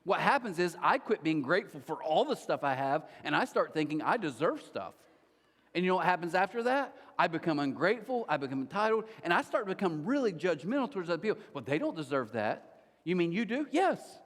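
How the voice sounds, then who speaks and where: A middle-aged man preaching a sermon, telling stories from his own life in an animated way with sudden jumps in pitch. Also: a little fast. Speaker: pastor. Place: large church hall. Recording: long hall reverb.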